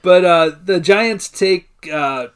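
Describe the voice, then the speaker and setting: A man's voice: sits high, slow, clear, resonant tone. A man co-hosting a podcast, casually retelling a movie's plot play by play with loose profanity and frequent laughter. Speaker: podcast co-host. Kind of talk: casual movie recap chat.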